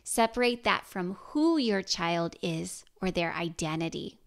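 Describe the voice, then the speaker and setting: A middle-aged woman hosting a parenting podcast, speaking in a gentle, encouraging manner. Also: on the low side, expressive, measured pace, vocal fry. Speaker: podcast host. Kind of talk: scripted podcast talk to mothers.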